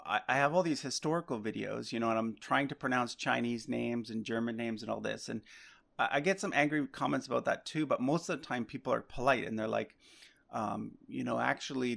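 A man speaks in a loose, rambling podcast conversation, full of fillers and easy asides. His voice carries a heavy gravelly fry, sitting at an ordinary pitch for a man. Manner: relaxed, rambling with many fillers. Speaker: podcast guest, history chart maker.

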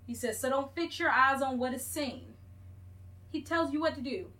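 A young woman co-hosting a faith podcast, talking in an animated, emphatic and playful way as she teaches. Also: high-pitched, normal speed. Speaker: podcast co-host.

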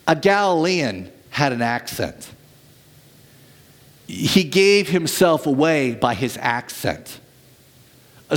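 A man preaching a sermon, acting out the quoted voices from the story as he retells it. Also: high voice. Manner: acts out the quoted voices in scripture; restarts words, with ums and uhs.

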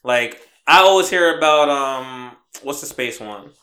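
A man's voice: medium pitch, expressive, sharp tone, roomy sound. A man co-hosting a podcast, joking around in casual chat and often restarting his sentences. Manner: joking, halting, many restarts. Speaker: podcast co-host.

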